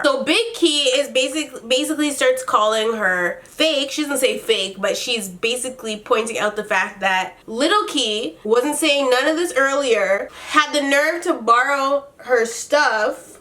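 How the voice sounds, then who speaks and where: A woman's voice: fairly high pitch, measured pace, a bit bright, a little hiss or hum. A woman recapping a reality show episode in casual commentary, blunt and exasperated, swearing freely and retelling scenes in quoted dialogue.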